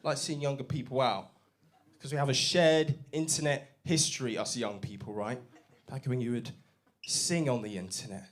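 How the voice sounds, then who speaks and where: A man's voice: medium pitch, steady tone, moderate pace. A young man from Bristol doing a brash, sweary stand-up set in a comedy club, baiting the crowd on a handheld mic. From Bristol, England. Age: young adult.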